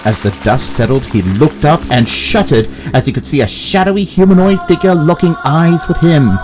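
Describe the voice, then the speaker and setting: A man narrating a spooky children's engine story with expressive delivery. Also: fairly high pitch, moderate pace, rough recording. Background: background music.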